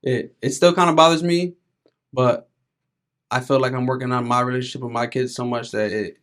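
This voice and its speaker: A man's voice: medium pitch, fairly even intonation, a little fast, fairly bright tone. A man in his thirties, a podcast guest speaking candidly and reflectively in casual conversation, with frequent filler words.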